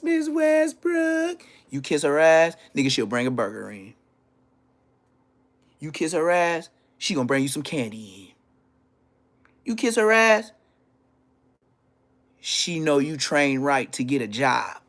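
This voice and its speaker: A man telling profane, animated stories from his school days on a casual livestream, laughing as he goes. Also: medium pitch. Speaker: livestream host. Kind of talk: casual storytelling.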